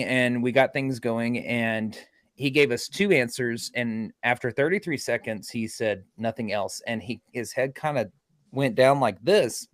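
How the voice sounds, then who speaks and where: A man and paranormal investigator telling a story on a podcast with animated energy, acting out the quoted lines as he goes. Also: mid-range voice, no echo, clean studio sound.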